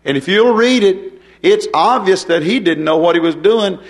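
A man's voice: high-pitched, lively intonation, moderate pace. An older man preaching a folksy sermon, chuckling and turning to the congregation with asides.

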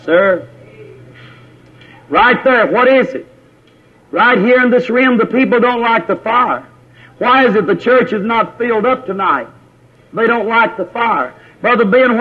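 A man preaching a fiery Pentecostal sermon in church, scolding and mocking as he goes. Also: high voice. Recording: old dull lo-fi sermon tape.

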